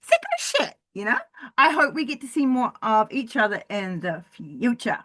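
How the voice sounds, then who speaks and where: Excitable, animated woman podcaster. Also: a little high, normal speed, dry recording. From Southern Hemisphere. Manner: excitable, profane, swings between loud bursts and mutters. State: losing her voice. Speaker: podcast host. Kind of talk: solo wrestling review podcast, casual chat.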